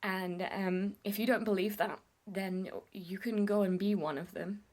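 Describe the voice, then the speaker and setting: A woman's voice: mid-range voice, steady tone, a little slow, a little mellow. A young woman telling a personal story to camera in a candid, emotional vlog, swearing casually and tearing up at times. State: tearful at times. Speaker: vlogger.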